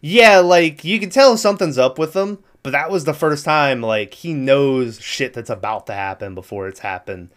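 A man's voice: medium pitch, lively intonation, moderate pace, hardly any pauses. A man casually recapping a movie plot in a rambling, profane way, laughing now and then. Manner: rambling, profane, laughs through his retelling.

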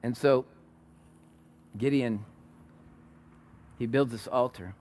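A man preaching a sermon, retelling a story with animated, acted-out quotes and frequent restarts. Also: medium pitch, slow. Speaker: pastor.

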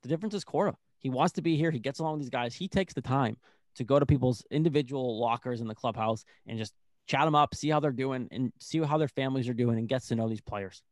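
A young man co-hosting a casual sports chat, excitable and rambling, full of "like". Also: medium pitch, fast, no echo, studio quality. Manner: excitable, rambling, heavy use of "like". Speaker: sports podcast co-host.

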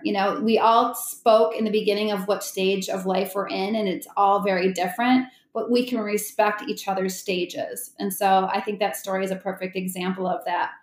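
A woman hosting a podcast who responds affirmingly and asks her guests reflective questions. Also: mid-range voice. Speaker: podcast host. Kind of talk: hosting conversation. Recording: echoey room.

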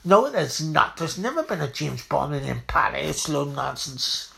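A woman's voice: deep voice, sing-song, moderate pace, creaky, a bit bright. A woman playing a blunt, chatty auntie in a comedy sketch. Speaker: comic auntie.

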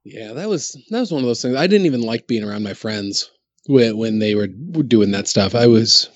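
A man's voice: medium pitch, animated, brisk, no echo, dull audio. A man in casual chat, laid-back and profane, laughing along.

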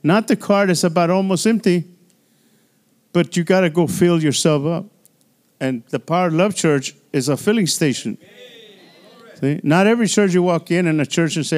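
A male pastor delivering a church sermon with a voice pitched a little high for a man. He preaches in a loose, chatty way, filling it with "you know" and "hallelujah" and often stumbling back over his words. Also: normal speed, pauses often, a little mellow. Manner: repeats and restarts words often.

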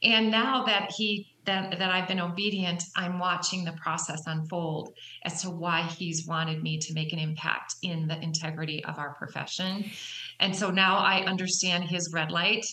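A woman author speaks as an interview guest, candid and earnest. Her voice is bright and tense, and the recording has a roomy echo. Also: lowish voice, fairly even intonation, moderate pace. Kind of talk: conversational interview.

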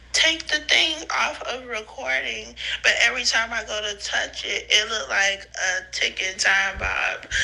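Young woman rambling into a phone memo, high pitched and really bright, giggly, teary and cussing, drawn-out slow talk. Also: creaky, rough recording. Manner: giggly, profane, slangy and disoriented, with sudden high laughing squeals. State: high and tearful. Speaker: podcaster sending voice notes. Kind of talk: rambling voice-note monologue.

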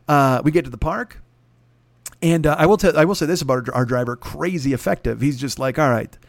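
A man's voice: fairly high pitch, brisk, vocal fry, no room sound, studio quality. A man hosting a podcast, telling a rambling, profane comic story. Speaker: podcast host. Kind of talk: comedic storytelling.

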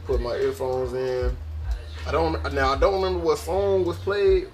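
A man's voice: fairly high pitch, normal speed, darkish tone. Laid-back young man telling stories, cursing. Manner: profane, laid-back, laughing asides. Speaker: podcast host. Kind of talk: casual storytelling monologue.

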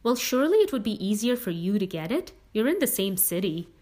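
A woman voicing a gruff, suspicious older male farmer who talks in a curt, clipped, impatient way. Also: medium pitch, lively intonation, moderate pace, close to an everyday voice.

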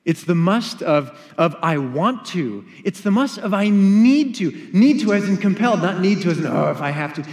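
Emphatic preacher in a reverberant hall. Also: male voice, very high voice. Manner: emphatic, rhetorical questions and acted-out asides. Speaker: pastor. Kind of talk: sermon.

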